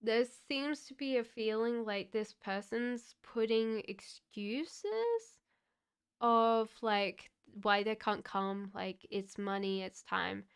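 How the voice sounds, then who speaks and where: Slow, gentle woman tarot reader. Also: on the high side, steady tone, clear, resonant tone. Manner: gentle, halting, many fillers. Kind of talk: live-streamed card reading.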